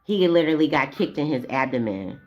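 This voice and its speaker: A woman's voice: sits low, big pitch swings, a little fast, darkish tone, dull audio. A woman vlogging in a blunt, profane, casual monologue that wanders off on tangents.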